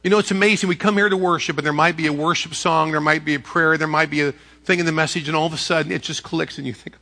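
A man's voice: on the high side, steady tone, fast, hardly any pauses, bright, forceful tone. A man preaching a sermon in an earnest, personal way with light joking. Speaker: pastor.

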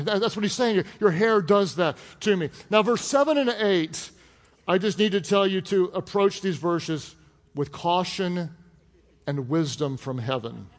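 A man preaching a sermon as pastor, animated and joking in a conversational way. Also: high voice. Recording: long reverb of a large hall.

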